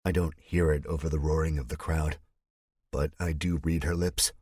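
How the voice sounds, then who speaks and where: Deep husky guy narrating an audiobook, first person, dry close sound. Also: little pitch movement, normal speed, a little mellow, no room sound.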